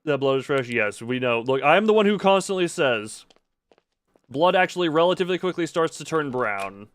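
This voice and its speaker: A man's voice: a little high, lively intonation, normal speed, clean tone, no room sound. A man streaming a horror game, talking casually to himself and his chat with sarcastic asides. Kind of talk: casual live game commentary.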